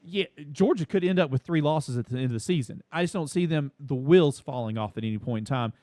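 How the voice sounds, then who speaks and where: A man's voice: on the high side, expressive, dark tone, no echo, studio quality. Folksy man talking college football. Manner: folksy, drawn-out emphasis. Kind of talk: casual sports talk.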